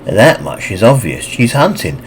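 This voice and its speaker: A man's voice: medium pitch, sing-song, measured pace, slight background noise, poor audio. A male narrator voicing a blunt, ruthless female harpy who carries butcher's knives. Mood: cold.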